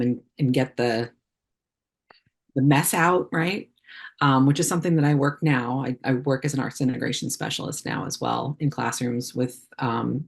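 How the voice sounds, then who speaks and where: A woman with a low-pitched voice talks casually as a podcast guest. She wanders through her answers with frequent ums and false starts. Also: gravelly, breathy edge. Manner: chatty, many fillers and restarts. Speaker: puppeteer guest. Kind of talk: casual interview chat.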